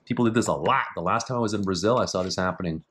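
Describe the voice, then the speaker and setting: A middle-aged man casually talking through techniques in a martial arts book, with dry offhand asides and slow, halting reading of foreign terms. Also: low-pitched, a bit bright. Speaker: jiu-jitsu instructor reviewing a technique book. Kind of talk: casual commentary.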